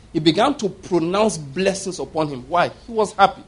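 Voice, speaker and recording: Husky-voiced male preacher, emphatic storyteller. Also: sits high, expressive, normal speed, hardly any pauses. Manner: emphatic storytelling preacher who acts out quoted speech. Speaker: pastor. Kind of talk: sermon.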